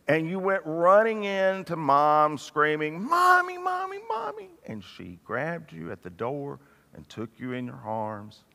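An older man preaching a sermon, swinging between loud, emphatic passages and hushed, tender ones. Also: mid-range voice. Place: church sanctuary. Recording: reverberant church hall.

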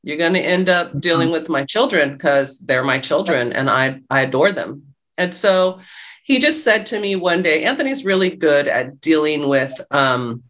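A woman's voice: deep voice, lively intonation, normal speed, fairly bright tone. A middle-aged woman, a guest telling a personal story in a casual interview, acting out the dialogue as she goes. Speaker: guest, love and life coach.

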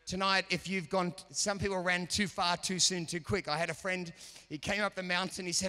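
A man's voice: high-pitched, a little fast, hardly any pauses. A man preaching a sermon, telling a story and acting out the voices of the people in it. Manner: animated, acts out quoted voices. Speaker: pastor. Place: church auditorium. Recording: reverberant church hall.

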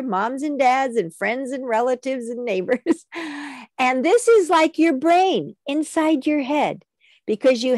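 A woman with a very high voice leads a children's music class over a video call, speaking slowly and carefully as she sings out lines for the kids to echo. The sound is dry and close, with no room around it. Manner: call-and-response, sings along. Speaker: music teacher.

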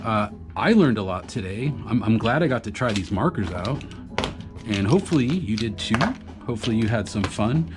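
A man's voice: fairly low pitch, animated, moderate pace. A man who is a graffiti artist, chatting casually to the camera about his markers and inks as he draws, rambling and laughing often. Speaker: graffiti artist reviewing art supplies. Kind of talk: casual talk to camera while drawing. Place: home art studio. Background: background music.

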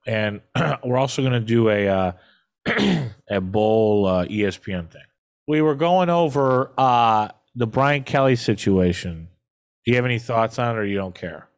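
Brief: easygoing male sports podcast co-host, mid-pitched, filler-heavy, casual. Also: animated, measured pace, clean tone. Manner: loose, steering the talk with fillers.

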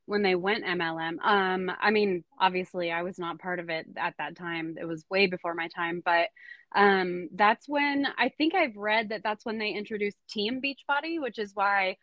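A woman hosting a casual live-stream chat, talking in a relaxed way and thinking aloud. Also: medium pitch, moderate pace, no echo, lo-fi sound.

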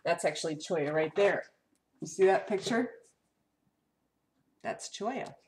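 A woman reads a picture book aloud to children in a lowish voice. She is animated and sing-song, with big upward swings, and keeps turning to her young listeners to ask them things. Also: unhurried, slight background noise. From lives in Arizona desert.

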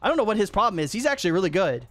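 A young man hosting a hide and seek match while playing, giving animated commentary that jumps up into excited yelps. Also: sits high, rapid-fire, background noise.

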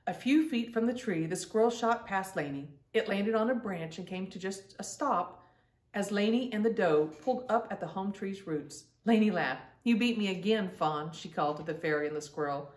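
Woman reading aloud to children, lively, gentle, mic set back in an echoey room. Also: medium pitch, moderate pace, recorded from a distance. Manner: gentle, lively read-aloud with asides to listeners. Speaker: storyteller. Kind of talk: children's book read-aloud.

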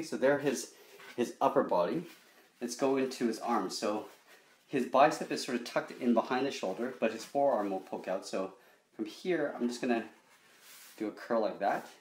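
A man with a fairly low voice walks through a drawing lesson one stroke at a time, in an easy, unhurried way. He often checks in with a quick "okay?". The sound is roomy and echoey, with a faint hiss behind it. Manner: relaxed, talks through each stroke with frequent "okay?". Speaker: drawing instructor.

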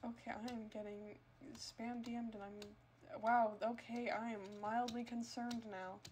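Woman gaming streamer; higher voice, unhurried delivery, playful teasing with melodramatic squeals. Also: level tone, darkish tone, a little hiss or hum. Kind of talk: live gameplay stream chatter.

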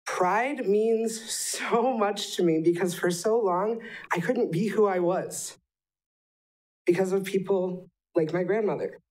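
Young woman, public commenter, emotional, heartfelt, mid-pitched voice. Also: slow, darkish tone, rough recording. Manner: emotional, heartfelt, voice near tears. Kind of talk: public comment at a council meeting.

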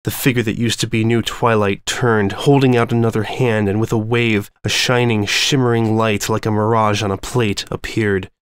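A man giving a measured, ominous reading of a dark story to his listeners. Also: lowish voice, fairly even intonation, clean tone, dry recording. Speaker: story reader.

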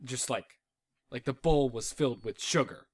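A man's voice: mid-range voice, normal speed. Young man, mid-range voice, joking podcast cast member, meandering delivery. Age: young adult. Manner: rambling, joking storyteller. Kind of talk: casual chat, storytelling.

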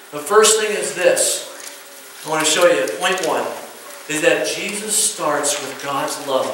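High, bright-voiced preacher in an echoey church. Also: male voice, noisy background. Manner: folksy, checks in with the congregation. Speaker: pastor. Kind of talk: sermon. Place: church sanctuary. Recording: very echoey church room from far off.

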